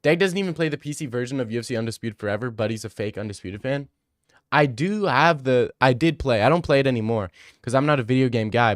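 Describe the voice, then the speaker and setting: A young male streamer chats loosely with his viewers, crude and rambling, always joking. His pitch sits in the middle for a man. The sound is dry and close, with no echo. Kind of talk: casual livestream chat, answering viewer messages.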